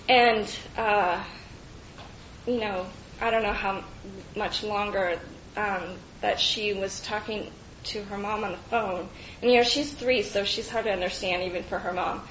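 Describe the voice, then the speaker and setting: Woman, slow halting testimony, filler-heavy, roomy muffled recording with faint rumble. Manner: halting, reflective, many fillers and restarts. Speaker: speaker sharing personal story. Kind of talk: personal testimony.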